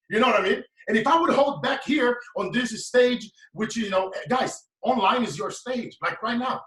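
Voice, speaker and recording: A man's voice: very high voice, fairly bright tone. A man, giving a preaching, emphatic motivational talk as a guest speaker. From Brazil. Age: late 30s. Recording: echoey room, mic at a distance.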